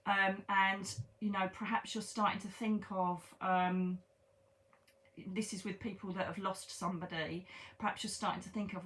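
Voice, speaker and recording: A woman's voice: medium pitch, steady tone, fairly quick, fairly bright tone. A woman, giving a chatty, reassuring tarot reading and repeating herself for emphasis. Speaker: psychic medium.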